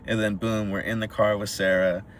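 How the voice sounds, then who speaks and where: A man's voice: fairly low pitch, brisk, a crowd in the background. A man on a podcast, casually recapping a film and acting out the characters' lines. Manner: animated storytelling, acts out characters' lines. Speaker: podcast co-host. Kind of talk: casual movie recap chat.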